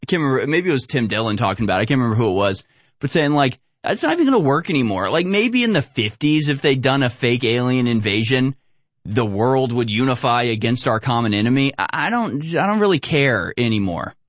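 A man's voice: mid-range voice, animated, a little fast, no room sound. A man giving casual commentary on video clips, rambling and hesitant with sarcastic asides.

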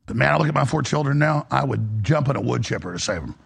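A man hosting a radio talk show, delivering an impassioned, preachy monologue in a gravelly, husky voice that swings between high and low. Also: expressive, fast talker.

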